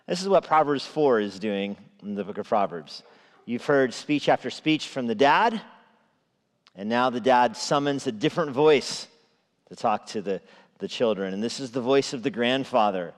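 A man preaching an evening sermon at an ordinary middle pitch. He talks through it conversationally, with asides and small chuckles. His voice carries a long reverb, as in a large church sanctuary. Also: expressive, normal speed. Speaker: pastor.

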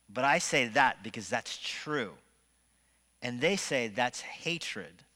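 Male pastor, sermon, bright forceful voice, slightly high pitch, lively rhetorical delivery, church hall reverb. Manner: animated preaching with shifting loudness and rhetorical questions. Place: church sanctuary.

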